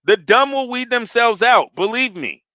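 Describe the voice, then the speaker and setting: A man in his thirties telling animated stories in casual chat, swearing heavily. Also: very high-pitched, moderate pace, dull audio. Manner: animated storytelling, heavy swearing. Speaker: podcast co-host.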